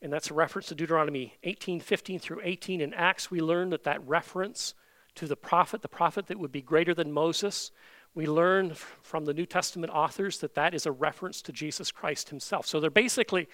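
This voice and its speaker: Male pastor, emphatic sermon delivery, bright forceful tone. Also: fairly high pitch, a little fast, no echo. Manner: emphatic preaching with rhetorical questions.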